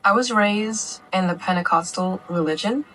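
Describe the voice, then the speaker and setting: A mother telling her family's story in an interview, recounting events in an earnest, steady way. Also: medium pitch, moderate pace, faint music behind, low-quality recording. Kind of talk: documentary interview testimony.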